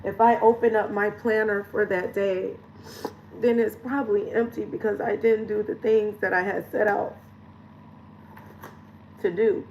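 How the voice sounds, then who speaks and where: A woman's voice: mid-range voice, steady tone, unhurried, pauses often, a little mellow, a little hiss or hum, low-quality recording. A woman lifestyle coach talking frankly and chattily straight to her viewers in a casual vlog, swearing now and then. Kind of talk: candid direct-to-camera vlog talk.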